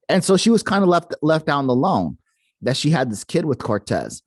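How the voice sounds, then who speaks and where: A man's voice: mid-range voice, very animated, fairly quick, no room sound. Rambling male podcast host, dry sound. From Arizona. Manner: rambling, many fillers and restarts. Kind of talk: casual storytelling.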